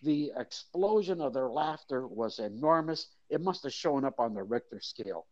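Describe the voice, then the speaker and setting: Animated older man telling a story. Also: medium pitch, normal speed, dry recording, dull audio. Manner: animated storyteller, acts out crowd voices. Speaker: guest, mascot performer. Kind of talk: storytelling interview.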